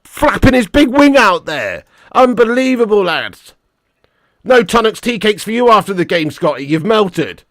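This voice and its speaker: Excitable sweary man hosting a watch-along. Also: high voice, unhurried, dry recording, clean studio sound. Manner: swears a lot, excitable, chats to viewers. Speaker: football watch-along host. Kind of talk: live match watch-along commentary.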